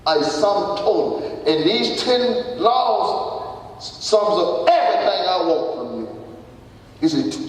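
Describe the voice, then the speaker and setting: A man preaching a sermon as pastor, animated, repeating "listen" and swinging from loud to soft. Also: high voice, unhurried. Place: church sanctuary. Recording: echoey church hall from far off.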